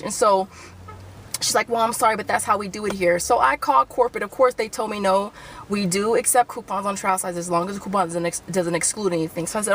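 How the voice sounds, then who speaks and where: A woman tells a heated, profane couponing story from inside her parked car, voicing each side of the argument in an angry rant to camera. She speaks fast at medium pitch with a slightly bright tone, and the rough recording has slight background noise.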